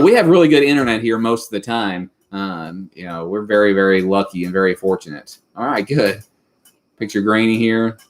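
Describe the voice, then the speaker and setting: A Kentucky man in his thirties with a Southern accent, hosting a casual livestream chat and rambling with many fillers. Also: on the low side. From Western Kentucky. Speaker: livestream host.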